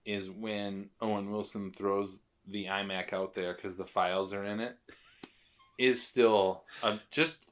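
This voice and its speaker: A man's voice: on the low side, steady tone, a bit bright. A man co-hosting a podcast, chatting casually and wryly about a movie. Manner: laid-back, wry, quick agreeing interjections. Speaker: podcast co-host.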